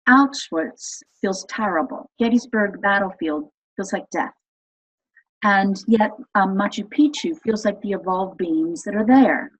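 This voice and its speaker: Husky woman explaining with enthusiasm. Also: mid-range voice, lively intonation, unhurried, low-quality recording. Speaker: guest expert on voice and energy healing. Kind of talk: casual interview explanation.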